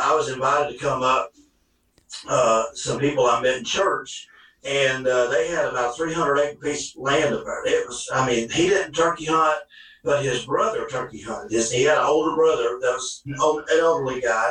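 A man telling a hunting story in a folksy, animated way, recorded in an echoey room with the mic at a distance. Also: medium pitch, moderate pace. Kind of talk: casual storytelling.

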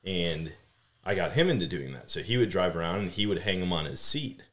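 Rich: A young adult man with a somewhat low voice, hosting a casual podcast. He chats in an upbeat, storytelling way, easy and conversational. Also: lively intonation, fairly quick. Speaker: podcast host.

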